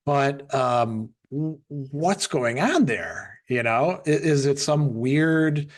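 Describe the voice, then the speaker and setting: A man's voice: medium pitch, animated, slow. A man co-hosting a casual chat, reading quotes aloud and asking thoughtful questions. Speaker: co-host.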